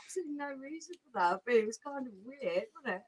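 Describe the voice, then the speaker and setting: A high-voiced woman joining a casual beer chat. She talks chattily and laughs often. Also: animated, fast talker. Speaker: co-host.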